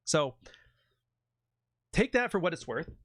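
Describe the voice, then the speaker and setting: A man's voice: a little high, very animated, slow, a bit bright, no echo. A man hosting a channel, giving blunt, profane advice in a casual monologue. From Canada. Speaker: channel host.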